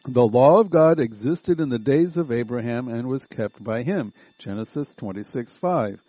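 A man's voice: medium pitch, lively intonation, normal speed, mellow, no echo, low-quality recording. A man teaching a Bible study lesson, reading passages aloud and methodically rephrasing and rereading them to explain them.

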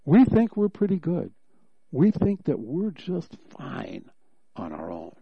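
A man preaching an expository sermon, reading scripture aloud and unpacking the wording verse by verse. His voice sits a little high for a man and rises when he acts out God's words. The recording is dry and a bit muffled, with no room echo. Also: slow, slightly rough. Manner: expository Bible teaching, reads scripture aloud, animated when voicing God.

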